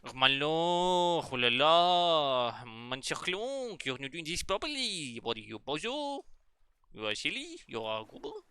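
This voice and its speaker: A man voicing a teasing French friend in a slow, singsong drawl. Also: on the high side, very animated, pushed and bright, clear, resonant tone, no room sound, pitched above the performer's own voice, exaggerated voice.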